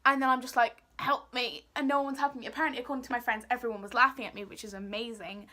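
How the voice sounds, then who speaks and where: A woman's voice: a little high, fairly even intonation, very fast, sharp tone. A young woman telling a story casually and animatedly, acting out what people said. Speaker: vlogger.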